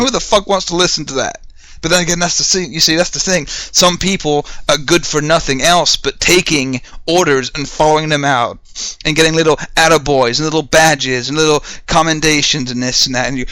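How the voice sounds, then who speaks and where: Heated, sharp-voiced man ranting. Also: a little high, fairly even intonation, a little fast, no room sound. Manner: heated, profane, rhetorical questions. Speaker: podcast host. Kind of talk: ranting solo monologue.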